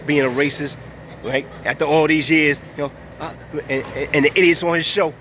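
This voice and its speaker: Dude ranting outside, kinda high sharp voice, keeps repeating himself, faint cars going by. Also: male voice, steady tone, a little fast, a little hiss or hum. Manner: emphatic, repetitive, keeps saying "you know what I'm saying". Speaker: vlogger. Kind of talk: casual rant to camera.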